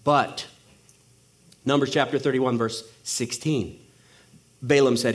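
A man's voice: medium pitch, steady tone, takes it slowly, long pauses. A male preacher giving a sermon, telling a story with humor and acting out the characters.

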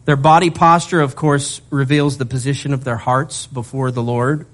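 A male pastor preaching a sermon in an animated way, mixing scripture reading with humorous asides. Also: mid-range voice, normal speed.

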